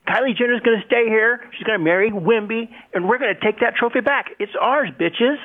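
A man's voice: very high voice, fairly quick. A man calling in to a sports radio show, bitter and trash-talking. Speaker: caller. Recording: phone line.

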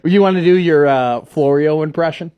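A man hosting a casual sports talk show, rambling playfully and getting animated about his team. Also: a little high, normal speed, clear, resonant tone, dull audio.

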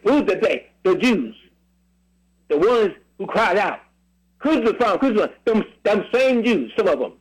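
A man preaching on a radio broadcast, reading scripture aloud and pressing a helper with repeated questions, in drawn-out, emphatic phrases. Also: sits high, sing-song, husky, rough recording. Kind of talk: call-and-response Bible reading sermon.

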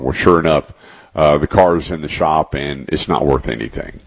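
A man hosts a call-in radio car show, telling stories in casual, rambling, folksy radio talk and repeating words along the way. His voice is very deep and gravelly, at a moderate pace.

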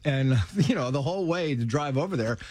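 A middle-aged man telling personal stories in casual conversation, animated, acting out the voices of people in them. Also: fairly high pitch, brisk, no room sound. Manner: animated storyteller, acts out quoted voices. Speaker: guest telling life stories.

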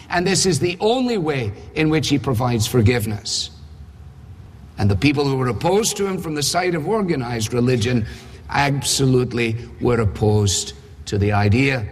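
Emphatic preacher with a husky voice. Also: male voice, mid-range voice. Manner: emphatic, rhetorical questions, dry humor. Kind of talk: sermon. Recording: husky voice in reverberant hall.

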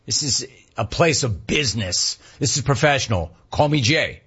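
A man voicing his strict father who is also his boss, firm and scolding, in a husky voice. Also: mid-range voice, animated, moderate pace, a bit bright, highs cut off. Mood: stern.

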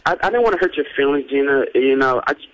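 A man speaks over a tinny phone line at a middling pitch. He hesitates and restarts often. His tone stays plain and casual. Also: expressive, a bit bright. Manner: hesitant, halting. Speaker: phone caller.

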